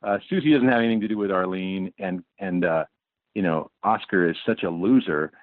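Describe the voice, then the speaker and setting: Low-voiced man on a tinny line. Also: a little fast, no room sound. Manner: casual, rambling, swearing freely. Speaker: interviewee. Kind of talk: oral-history interview recollection. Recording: dry, tinny phone line.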